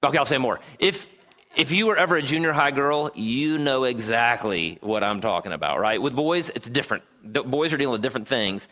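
A man's voice: medium pitch, animated, a little fast, bright, forceful tone. A man preaching a sermon to a room in a conversational way, often checking in with "right?" and adding wry asides. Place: church gathering room.

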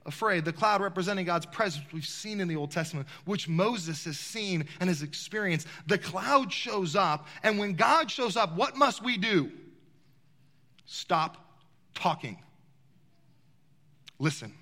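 A high, bright male voice preaching, throwing questions out to his congregation. The hall behind him rings with a long reverb. His delivery is animated and direct. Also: measured pace. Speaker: pastor. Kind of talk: sermon. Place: large church hall.

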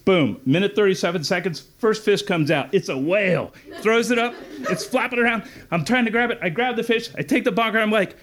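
A man telling a funny fishing story live on stage, animated and punchy, acting out the people in it. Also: sits high, brisk, few pauses, crowd noise. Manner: animated, punchy, acts out voices. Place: festival stage before an audience.

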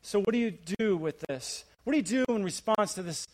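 A middle-aged man preaching a sermon as a visiting pastor, building to emphatic, rising questions and then dropping to a quiet, hushed delivery. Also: expressive, fairly quick. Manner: swings between rising, emphatic preaching and hushed, low asides.

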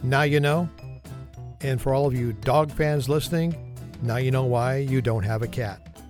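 A man's voice: medium pitch, a little slow, a little mellow, soft background music. A man hosting a podcast and delivering a humorous monologue in a wry, self-deprecating, conversational manner. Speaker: podcast host.

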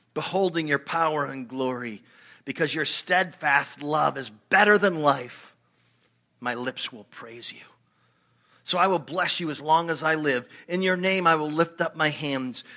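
Bright, forceful male preacher. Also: fairly high pitch. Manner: earnest, emphatic preaching with repeated words. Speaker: pastor. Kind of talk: sermon.

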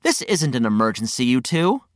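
A woman voicing a friendly, patient male guide who gently explains things. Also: a bass voice, big pitch swings, normal speed, no room sound, clean studio sound, pitched below the performer's own voice.

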